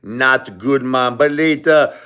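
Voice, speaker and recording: A man's voice: medium pitch, takes it slowly, bright, forceful tone, smooth. A man voicing a laid-back Jamaican hotel worker with a Jamaican accent, drawling and ending lines with "man".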